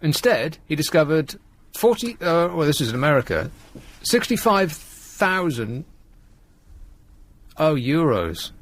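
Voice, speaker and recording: A man's voice: on the high side, very animated, a little slow, long pauses. Playful, chatty male radio host. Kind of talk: casual radio chat.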